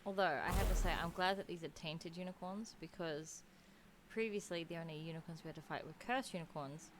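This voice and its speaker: An Australian woman streams a video game, her fairly quick, lowish voice thinking aloud in chatty, casual commentary. Game music plays loudly behind her, making the background noisy.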